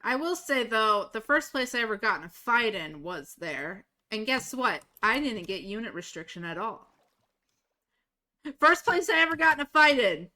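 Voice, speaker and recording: Casting: blunt, animated woman streamer with a bright voice, chatting while she plays. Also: fairly high pitch, normal speed. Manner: blunt, swears freely, animated storyteller. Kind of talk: casual chat while gaming.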